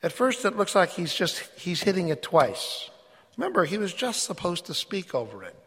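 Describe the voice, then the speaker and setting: A man's voice: high-pitched, big pitch swings, normal speed, a bit bright, slightly rough. Earnest man preaching in an echoey hall. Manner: earnest, emphatic, reads scripture aloud. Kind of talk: sermon.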